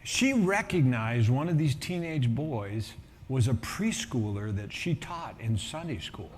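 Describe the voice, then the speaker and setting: A middle-aged man, a pastor, telling a story in a sermon with lively energy and acting out the voices of people in it. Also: medium pitch, measured pace, in a large hall, a little hiss or hum. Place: church auditorium.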